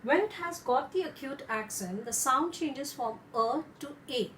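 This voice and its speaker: A woman French teacher who explains slowly and carefully and repeats her examples. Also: high voice, animated, fairly bright tone, a little hiss or hum. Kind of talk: instructional lesson. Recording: echoey room.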